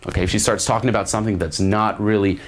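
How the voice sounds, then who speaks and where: A man's voice: lowish voice, little pitch movement, racing. A man giving blunt, profane dating advice to camera, full of fillers and acted-out example lines. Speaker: dating coach. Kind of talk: instructional talk to camera.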